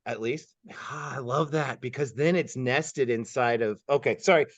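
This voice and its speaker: A man from Kansas City hosting an interview, firing off quick either-or questions, upbeat and laughing often, sometimes stammering over his words. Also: mid-range voice, no room sound. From Kansas City, United States. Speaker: host and geometry teacher. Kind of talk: lightning-round interview questions. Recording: dull, slightly muffled sound.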